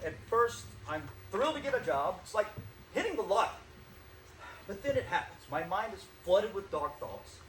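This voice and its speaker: An actor playing a vain, self-doubting stage actor who declaims grandly and then sinks into nervous gloom, in a live stage play. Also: male voice, sits high, sing-song, normal speed, a bit bright. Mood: anxious, grandiose. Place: theater stage. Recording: echoey stage, distant mic, faint hiss.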